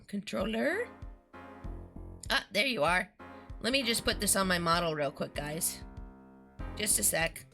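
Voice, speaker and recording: Bright, bubbly young woman streamer. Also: medium pitch. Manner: bubbly, chatty, greets chat excitedly. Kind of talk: casual let's-play chat.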